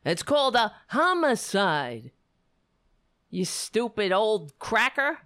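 A woman's voice: a little high, fairly bright tone, no room sound, clean studio sound. A woman giving ranting political commentary, heated, sarcastic and swearing freely.

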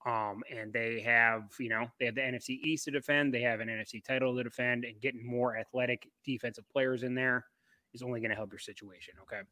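A man chats casually as a podcast co-host, rambling with plenty of fillers. His voice is bright and forward, and the sound is dry and close. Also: mid-range voice, fairly even intonation, quick pace, no echo. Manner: loose, rambling, many fillers. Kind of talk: casual sports podcast chat.

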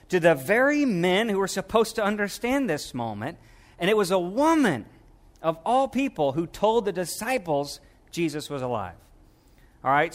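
A man's voice: fairly high pitch, fairly bright tone. A middle-aged male pastor preaching a sermon in a conversational way, asking rhetorical questions and acting out quotes.

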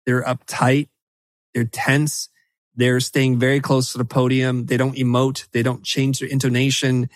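A middle-aged man talking as a podcast guest in an animated, emphatic way, often breaking into quick quoted asides. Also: medium pitch, no room sound. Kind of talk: animated conversational podcast talk.

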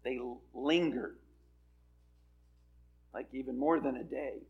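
A man's voice: medium pitch, steady tone, slow, gravelly, narrow, tinny audio. A man preaching a sermon as a pastor, earnest and building to emphatic peaks.

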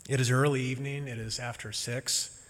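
A man preaching a sermon as a minister, gentle and reflective with touches of humor. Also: medium pitch, fairly even intonation, a little fast, long reverb tail.

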